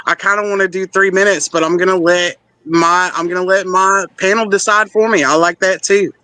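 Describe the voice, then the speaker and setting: A woman contestant on a comedy game show, eager and quick-talking as she takes on a challenge. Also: on the low side, fairly even intonation, bright, forceful tone, dry recording. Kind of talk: casual chat.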